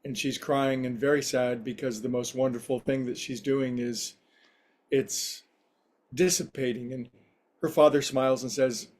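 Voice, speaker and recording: A man giving a spiritual talk to a livestream group as meditation teacher, telling a story in a gentle, reflective way. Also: medium pitch, steady tone, measured pace.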